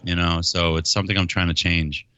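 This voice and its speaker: Male co-host, middle-aged, bright lowish tone, relaxed jokester, slightly muffled dry mic. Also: brisk, no room sound. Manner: easygoing, laughs often, jokey. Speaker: podcast co-host. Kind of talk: casual chat.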